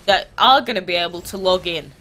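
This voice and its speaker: A congested woman with a stuffy nose from a cold, hosting a mobile game channel in chatty, animated talk full of rhetorical questions. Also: fairly low pitch, brisk. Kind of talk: casual gaming vlog chat.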